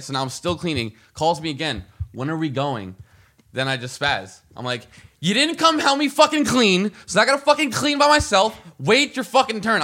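Fast-talking loud profane man. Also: a little high. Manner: loud, profane, laughs a lot. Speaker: podcast co-host. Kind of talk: casual chat.

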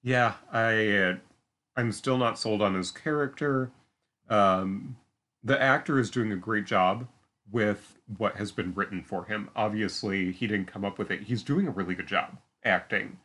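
Slow chatty podcast guy, kinda low voice, lots of ums. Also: pushed and bright. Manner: hesitant, many fillers and restarts, laughs easily. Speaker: podcast co-host. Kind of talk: casual chat recapping a TV episode.

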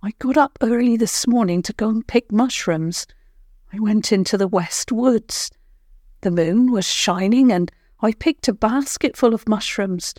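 A woman's voice: mid-range voice, unhurried, darkish tone, dry recording, clean studio sound, voice pushed up, natural voice. A woman voicing a frightened, plain-spoken young girl in a children's story. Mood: uneasy.

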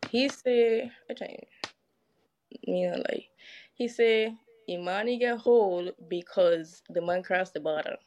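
A woman, telling a story as a guest in casual chat, animated and profane, acting out what others said. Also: mid-range voice, takes it slowly, dull audio. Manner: animated, profane, acts out quoted dialogue.

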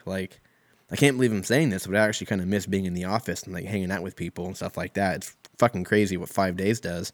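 Man, deep voice, dry close sound, rambling profane solo rant. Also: steady tone, fast, no room sound. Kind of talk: casual solo comedic rant.

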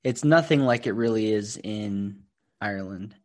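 A man's voice: fairly low pitch, unhurried, darkish tone. A man co-hosting a podcast, talking in an easygoing conversational way. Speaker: podcast co-host. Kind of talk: casual chat.

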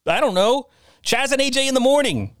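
A man's voice: extremely high pitch, animated, fairly quick, fairly bright tone, clean tone, no room sound. A middle-aged man from the New York area hosts a podcast in loose, rambling talk. He is self-deprecating and restarts his sentences often. The recording is dry and close. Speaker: podcast host.

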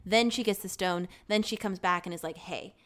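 A woman's voice: medium pitch, fairly even intonation, fairly quick, a bit bright. A woman in casual chat, recapping a movie and acting out the characters' lines. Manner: chatty, acts out characters' lines. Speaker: podcast co-host.

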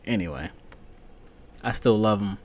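A man with a fairly low voice hosts his own podcast, talking in a loose, rambling, profane style. He drifts between low mutters and sudden loud, high-pitched rants. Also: expressive, unhurried. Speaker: podcast host. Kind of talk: solo podcast rant.

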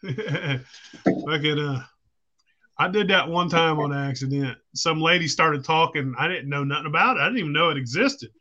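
A man's voice: fairly high pitch, moderate pace, sharp tone, dull audio. A man hosting a podcast, rowdy and profane, laughing through his stories. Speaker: podcast host. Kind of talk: casual chat.

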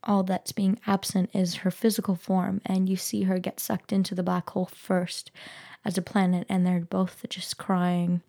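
A woman's voice: on the low side, level tone, normal speed, vocal fry, mellow. A woman hosting a solo podcast, talking in an earnest, musing way and putting questions to the listener. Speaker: podcast host. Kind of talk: reflective solo podcast talk. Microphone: podcast microphone.

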